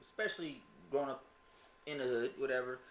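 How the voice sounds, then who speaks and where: A man with a Southern US lilt tells stories at a rapid clip, his voice bright and slightly high. He swears freely and keeps the energy up as a podcast co-host. The room sounds roomy, with faint ambience behind him. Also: slight background noise. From Denver, USA. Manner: profane, animated storyteller. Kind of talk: casual podcast chat.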